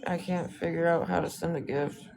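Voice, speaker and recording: Laid-back woman streamer, lowish voice. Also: fairly even intonation, brisk, vocal fry, background noise. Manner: laid-back, dismissive toward trolls, swears freely. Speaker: livestreamer. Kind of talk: casual livestream chat.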